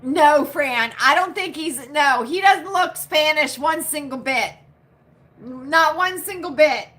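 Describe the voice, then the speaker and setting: A woman's voice: high-pitched, takes it slowly, a bit bright. A woman from the United States hosting a casual live chat with viewers, chatty and repetitive, often adding "right?" and laughing. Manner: chatty, repeats herself, frequent "right?" tags, laughs often. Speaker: livestream host.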